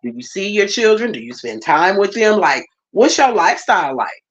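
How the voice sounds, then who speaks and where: A woman's voice: mid-range voice, sing-song, moderate pace. Emphatic woman preaching, lo-fi. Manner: emphatic, repeats phrases, talks directly to the congregation. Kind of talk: sermon.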